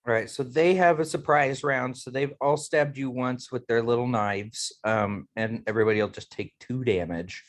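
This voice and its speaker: A man's voice: medium pitch, normal speed, few pauses, no room sound. A man narrating as game master of a tabletop game, easygoing and full of fillers.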